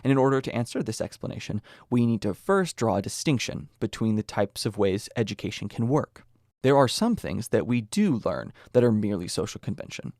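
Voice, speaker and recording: A man's voice: lowish voice, darkish tone, no room sound, studio quality. A young American man hosting a podcast, explaining ideas earnestly with small personal asides. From United States. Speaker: podcast host. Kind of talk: scripted explanatory talk.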